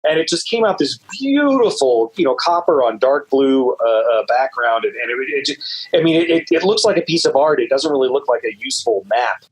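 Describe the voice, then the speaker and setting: A man guest on an interview show, telling stories in a loose, rambling way with many "uh"s and repeated words, and lively jumps in pitch when he quotes people. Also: fairly quick, breathy edge, rough recording. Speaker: guest author. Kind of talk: casual interview storytelling.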